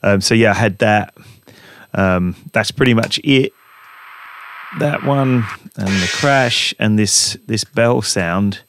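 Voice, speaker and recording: A man hosting a casual walkthrough in his home music studio, talking in a relaxed, rambling way with plenty of ums. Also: on the low side, slow pace, background noise. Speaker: music producer and channel host. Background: music samples playing.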